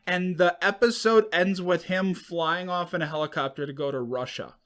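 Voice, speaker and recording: A man's voice: sits high, normal speed, fairly bright tone. A man co-hosting a casual podcast with dry, wry asides. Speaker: podcast co-host. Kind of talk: casual chat.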